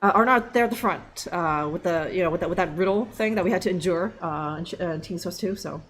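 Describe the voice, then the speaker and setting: A woman's voice: lowish voice, quick pace, a little hiss or hum. A young woman streaming a game live, joking and rambling with lots of fillers. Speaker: livestream gamer. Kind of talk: casual live gameplay commentary.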